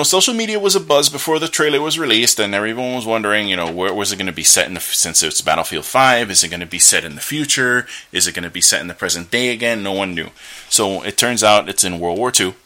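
A man's voice: low voice, sharp tone. A man hosting a solo podcast, giving opinionated, rambling commentary with frequent fillers and restarts and bursts of scornful ranting. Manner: scornful rants. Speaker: podcast host.

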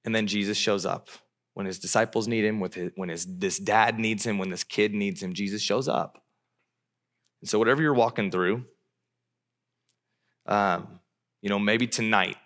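Male pastor, sermon delivery, animated storyteller, bright and forceful tone. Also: on the low side. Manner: animated preacher who acts out voices.

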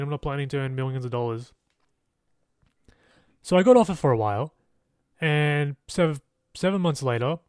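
A man's voice: fairly high pitch, no room sound, clean studio sound. A young man hosting a podcast, telling a story in a rambling, sweary, casual way. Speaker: podcast host. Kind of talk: casual monologue.

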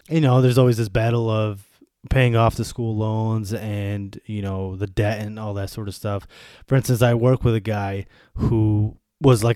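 A US man in his thirties hosts a podcast, delivering a casual monologue that turns into a profane rant. His voice is on the low side and mellow, steady in tone at normal speed, with a dry, clean studio recording.

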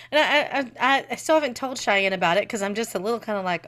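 A woman co-hosting a podcast in casual chat, animated, swearing freely and laughing often. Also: medium pitch, fast talker, hardly any pauses. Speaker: podcast co-host.

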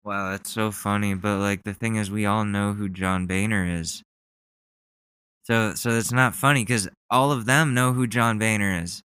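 A man's voice: on the low side, steady tone, moderate pace, a bit bright, smooth, dry recording. A young man hosting a podcast, chatting casually in a rambling, profane way. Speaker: podcast host. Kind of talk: casual chat.

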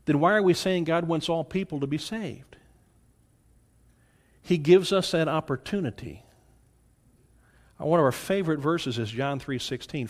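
A man's voice: on the high side, expressive, normal speed. A man teaching a Bible study lecture in an earnest way, often checking in with his listeners. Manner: earnest, checks in with "all right?".

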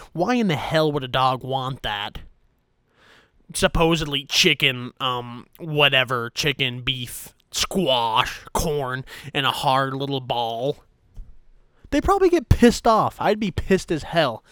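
A man's voice: medium pitch, bright, forceful tone, clean tone, no room sound, studio quality. A young man doing a profane, exasperated comedic rant as a YouTuber, talking to his own channel. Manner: profane, exasperated, mock-furious. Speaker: YouTuber ranting to camera.

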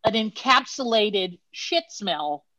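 A woman's voice: mid-range voice, expressive, slow, pushed and bright, no room sound, rough recording. A woman co-hosting a podcast, teasing in a wry, mock-earnest way during casual chat. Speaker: podcast co-host.

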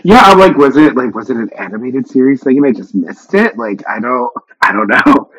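A man's voice: mid-range voice, big pitch swings, brisk, a bit bright, husky, no echo, poor audio. A man co-hosting a podcast, chatting casually and rambling through a film recap, acting out quotes with self-deprecating asides. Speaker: podcast co-host.

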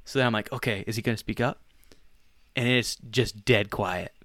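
A man co-hosting a podcast, telling a long casual story in an animated, self-deprecating way with bursts of laughter. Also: lowish voice, moderate pace, dry recording, studio quality. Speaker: podcast co-host.

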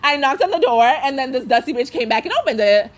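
A young woman hosting a podcast, telling a profane, animated storytime rant, acting out dialogue and laughing often. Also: high-pitched, fast. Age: young adult. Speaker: podcast host.

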